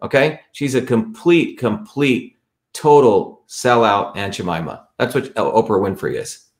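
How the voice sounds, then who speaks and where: A livestream host with a lowish, expressive, unhurried voice walks viewers through a website. He speaks emphatically and repetitively, checking in with his audience often.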